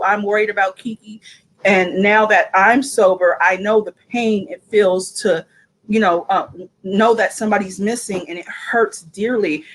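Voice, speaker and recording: A woman's voice: mid-range voice, low-quality recording. A woman speaking as a friend of a missing woman, giving an earnest, pleading appeal over a video call. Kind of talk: emotional personal appeal.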